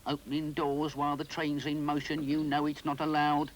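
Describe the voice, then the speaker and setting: A gruff male train guard who scolds loudly, voiced by a man reading a storybook. He grumbles and lays down the rules. His voice is blunt and commanding. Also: on the high side, completely flat delivery, normal speed, a little hiss or hum, voice pushed up, lightly acted, poor audio. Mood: scolding.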